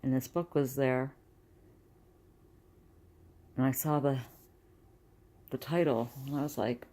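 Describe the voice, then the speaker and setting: Chatty middle-aged woman, gravelly voice. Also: extremely low pitch, steady tone, slow pace, dark tone. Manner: rambling, chatty, restarts often. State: dizzy and close to tears. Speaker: vlogger. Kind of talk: casual personal vlog.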